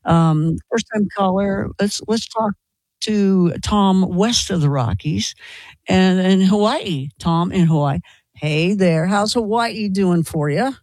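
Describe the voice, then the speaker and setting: A man's voice: high-pitched, slow, a little mellow, dry recording. A man with a slight Kentucky accent hosting a call-in radio show, chatty and enthusiastic, often repeating himself. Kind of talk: casual call-in radio chat.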